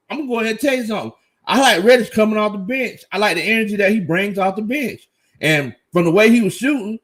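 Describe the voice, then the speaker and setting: A man hosting a casual live fan reaction stream, excited, laughing often and reading out chat comments. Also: on the high side. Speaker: sports fan livestream host.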